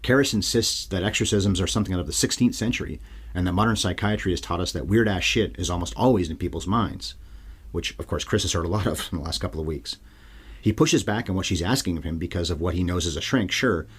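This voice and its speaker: Deep, husky and fast-talking, a male podcast host reviews films on his own. He keeps it casual and profane, tossing in wry, sarcastic asides with an irreverent edge.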